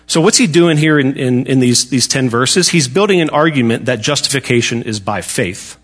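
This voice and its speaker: A man's voice: mid-range voice, lively intonation, slightly rough. Casual male Bible teacher. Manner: casual, joking, halting with restarts. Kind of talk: conversational Bible study lesson.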